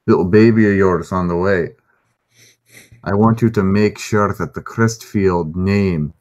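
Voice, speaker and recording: Un uomo che fa Galder, un nano schietto e solenne. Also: male voice, sits low. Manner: deliberate, formal speeches. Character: gruff male dwarf adventurer, earnest and blunt.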